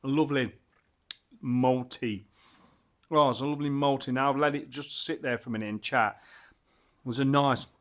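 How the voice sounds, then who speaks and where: Man, mid-pitched, casual beer tasting vlog, excitable, rambling, lots of restarts. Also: normal speed, long pauses. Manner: enthusiastic, rambling with many fillers and restarts. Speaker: beer reviewer.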